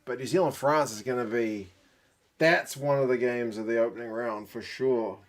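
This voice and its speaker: A man's voice: medium pitch, moderate pace. A man giving live reaction commentary, thinking aloud with gasps and exclamations, tired late at night. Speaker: rugby channel host.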